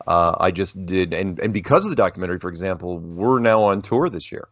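A man as an interview guest, talking casually and telling rambling, animated stories with many restarts. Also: low-pitched, brisk, no echo. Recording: dull lo-fi dry audio.

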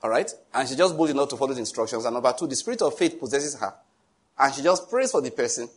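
A man's voice: medium pitch, quick pace, slightly rough. A middle-aged male pastor preaching a sermon, telling stories with a jovial, teasing manner and frequent chuckles. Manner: teasing, animated asides.

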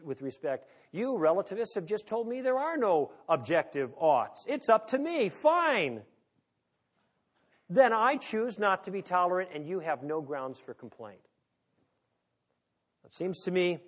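Man, high voice, lecture to an audience, wry, conversational, rhetorical questions. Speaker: speaker.

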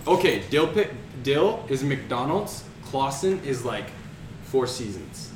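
A man's voice: medium pitch, sing-song, slow pace, darkish tone, roomy sound, far from the mic, a little hiss or hum, low-quality recording. A man bantering and joking in a casual chat.

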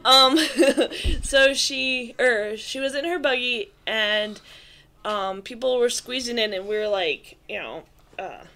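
A woman's voice: fairly high pitch, slow, pushed and bright. A woman chatting casually on a podcast, telling anecdotes and laughing through them. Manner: giggly storyteller, laughs through her anecdotes. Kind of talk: casual chat.

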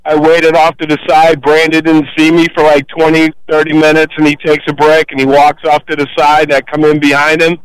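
A man's voice: fairly high pitch, completely flat delivery, a little fast, few pauses, clean tone, dry recording. Boisterous older male radio caller. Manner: boisterous storyteller, acts out voices. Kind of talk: sports radio call-in. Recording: phone line.

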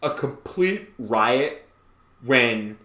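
A man co-hosting a chatty podcast, his voice at a middling pitch, bouncing high whenever a story gets going. He laughs a lot and talks in excited bursts. The room around him rings with noticeable echo. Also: drawn-out words. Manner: excitable, laughs often, pitch jumps way up when telling stories. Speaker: podcast co-host. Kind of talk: casual chat. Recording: roomy echo.

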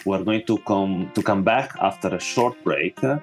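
A man's voice: sits low, moderate pace, music in the background. A man hosting a podcast panel, talking with many fillers and restarts as he frames questions. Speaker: podcast host.

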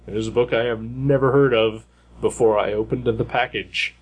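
A man's voice: mid-range voice, steady tone, normal speed, breathy edge. A man co-hosting a casual podcast chat, rambling with many fillers and restarts. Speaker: podcast co-host.

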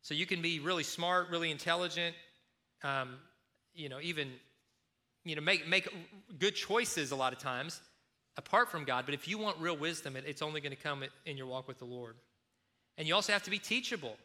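A man preaching a sermon, retelling a story in a lively way and acting out the speakers. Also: a little high, brisk. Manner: storytelling, animated, acts out quotes. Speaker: pastor.

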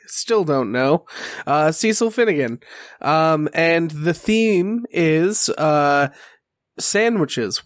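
A man co-hosting a podcast in a deadpan, mock-indifferent way. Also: fairly high pitch, clean tone, no echo, clean studio sound. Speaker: podcast co-host. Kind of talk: casual chat.

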